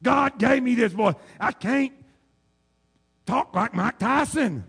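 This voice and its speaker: A man preaching a sermon with a big, booming voice that rides high and swings wildly in pitch. The tone is rough and gravelly and very hoarse throughout. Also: expressive, slow pace. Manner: shouting preacher, swings from loud to low asides. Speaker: pastor.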